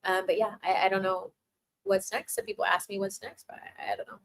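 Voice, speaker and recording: A woman's voice: mid-range voice, fairly even intonation, brisk, poor audio. A woman hosting a casual live Q&A, laughing often and thanking viewers as she reads their messages, with many restarts and filler words. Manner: warmly thanks viewers reading chat. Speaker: livestream host answering chat. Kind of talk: casual chat.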